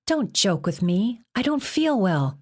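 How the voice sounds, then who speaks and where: A woman's voice: mid-range voice, sing-song, measured pace, husky, voice pushed up. A woman reading an audiobook, voicing a frightened teenage girl who stammers and gasps. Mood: startled. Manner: breathless, stammering, startled. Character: anxious, trembling teenage girl.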